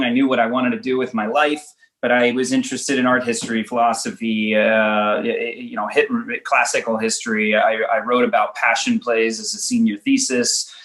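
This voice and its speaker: A man from Los Angeles, a writer-director answering interview questions, thinking aloud and telling self-deprecating stories in halting restarts. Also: medium pitch, a bit bright. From Los Angeles, United States.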